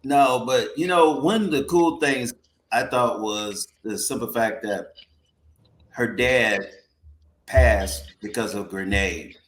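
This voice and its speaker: A man's voice: mid-range voice, slow pace, echoey room. A man on a video call giving a laid-back, slangy take in a casual movie chat.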